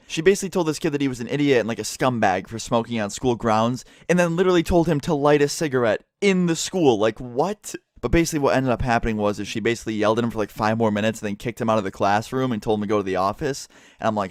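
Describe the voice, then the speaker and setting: A man's voice: medium pitch, rapid-fire. A young man races through a casual storytime, swearing freely and sounding exasperated. His voice is dry and close, with no room echo. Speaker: vlogger. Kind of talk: storytime vlog.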